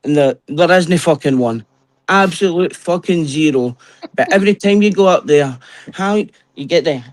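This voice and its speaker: A Scottish man trading jokes in loose, profane chat. His voice sits a touch high for a man, and he swears freely and teases as he talks. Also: normal speed. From Scotland. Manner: profane, joking banter. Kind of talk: casual chat.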